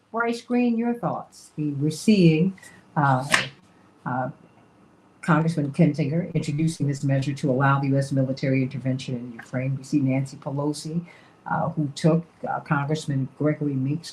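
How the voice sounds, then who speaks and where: Mellow, hesitant talk radio host. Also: mid-range voice, steady tone, moderate pace, a little hiss or hum, low-quality recording. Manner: hesitant, questioning.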